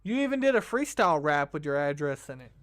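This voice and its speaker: Smooth, sarcastic male commentator. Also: on the high side, big pitch swings, quick pace, fairly bright tone. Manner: sarcastic, mocking. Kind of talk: reaction commentary.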